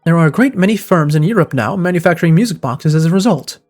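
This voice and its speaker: A man reading aloud the lines of an eccentric, self-assured gentleman detective in a grandiose, wordy manner, with faint game music behind. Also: on the high side, lively intonation, fast talker. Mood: lofty.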